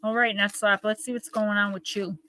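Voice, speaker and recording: A woman's voice: medium pitch, little pitch movement, fairly quick, sharp tone. A woman with a Northern New Jersey accent, chatting and rambling to her viewers as she hosts a live oracle card reading.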